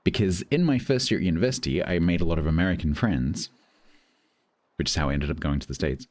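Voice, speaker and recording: A man's voice: deep voice, fast talker, darkish tone, no room sound. A middle-aged British man with a British English accent chatting casually on a live stream, amused and talkative, thanking viewers between stories. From Britain.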